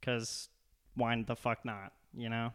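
A man's voice: mid-range voice, level tone, slow, fairly bright tone, clean tone. A young man co-hosting a podcast, joking and rambling with lots of swearing. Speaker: podcast co-host. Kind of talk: casual profane chat.

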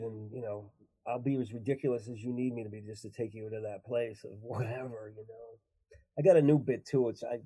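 A man chatting casually as a comedian guest, animated and laughing often between silly bits. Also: medium pitch. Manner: animated, laughs a lot, jumps into silly voices.

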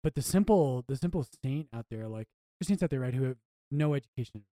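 A man's voice: mid-range voice, expressive, fairly quick, dark tone, no echo. A man, a priest co-hosting a podcast, talking earnestly and reflectively, often restarting his phrases. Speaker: priest co-host.

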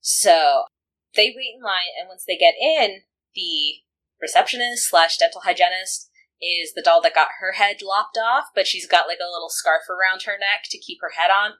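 On a rough recording, a female podcast co-host talks at a moderate pace, her voice on the low side and fairly bright. Recapping an anime, she keeps things casual, laughing often and saying "like" a lot.

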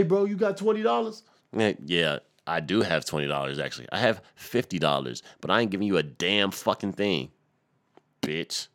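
A young man hosting a podcast, ranting and swearing in a loud comedic tirade, stuttering and repeating words as he goes. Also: sits low. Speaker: podcast host. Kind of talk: profane comedic rant.

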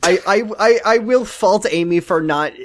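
A man's voice: high-pitched, moderate pace, slight background noise. A man co-hosting a podcast, chatting casually and rambling, often breaking off mid-sentence and laughing. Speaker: podcast co-host. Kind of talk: casual chat.

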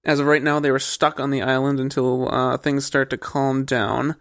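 A man's voice: medium pitch, level tone, moderate pace, fairly bright tone. A man from the American Midwest co-hosting a podcast, reading news stories in a casual chat and cracking wry asides with frequent laughs. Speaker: podcast co-host.

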